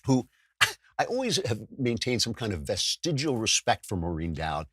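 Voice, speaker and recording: A sardonic male talk show host with a husky, slightly rough voice, recorded dry and close to the mic. His pitch rises and falls with a lively, animated swing as he riffs and trips over his own restarts. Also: moderate pace, no echo. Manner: sardonic, self-mocking, stumbling restarts. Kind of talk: podcast monologue with ad read.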